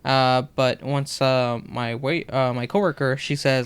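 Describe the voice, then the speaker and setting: Young male podcast co-host, animated storyteller, clean resonant voice. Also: mid-range voice, unhurried, clear, resonant tone. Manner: animated, acts out customers' lines in retelling. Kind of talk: casual storytelling chat.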